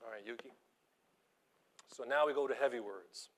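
A man preaching an informal sermon, telling stories from his teaching job in an animated, self-deprecating way, dropping to quiet asides and rising to loud emphasis. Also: mid-range voice, moderate pace. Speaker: preacher and schoolteacher.

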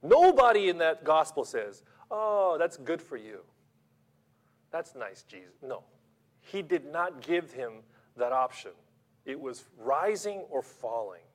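A man preaching a sermon, emphatic and rhetorical, swinging between loud stresses and quiet asides. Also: on the high side.

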